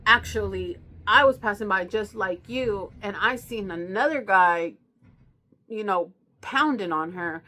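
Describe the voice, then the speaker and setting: A woman voicing a panicky man who rushes out excuses, in a frantic manner. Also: mid-range voice, little pitch movement, bright, forceful tone, lightly acted.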